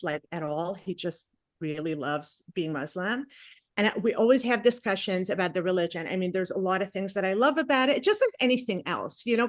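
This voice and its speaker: A woman performs stand-up comedy on a stage in front of a live crowd. Her voice sits at a middle pitch, and she talks in a chatty, self-mocking way with animated asides. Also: no room sound, studio quality. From Palestinian family.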